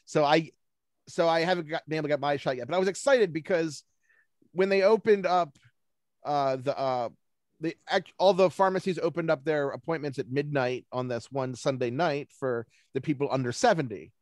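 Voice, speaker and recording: A man guest on a video call rambles through self-deprecating anecdotes in a casual, chatty way. His voice sits a little high for a man, and the sound is dry and close. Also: moderate pace, no echo. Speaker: guest speaker, baseball forecaster.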